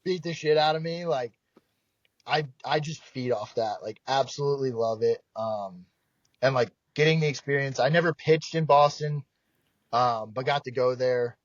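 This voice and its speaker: A young man from South Jersey, a baseball pitcher guest, telling stories in a lively, profane way and acting out quoted voices. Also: normal speed, no echo. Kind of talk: casual storytelling. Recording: dull dry podcast mic.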